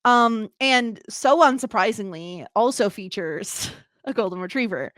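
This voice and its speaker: A woman's voice: mid-range voice, unhurried, no room sound. Chatty woman co-host, dry close mic. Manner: chatty, animated storytelling with laughs. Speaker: podcast co-host. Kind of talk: casual chat.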